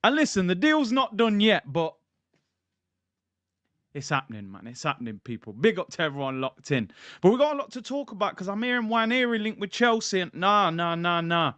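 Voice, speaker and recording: A man's voice: high-pitched, very animated, a little fast, a bit bright, clear, resonant tone, dry recording. A man hosting a casual football livestream, hyped, slangy and jokey. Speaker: football channel host. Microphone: streaming mic.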